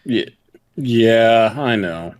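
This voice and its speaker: Man, tabletop player, slow and low, halting. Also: expressive, darkish tone. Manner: hesitant, slightly formal in character. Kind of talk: tabletop role-play.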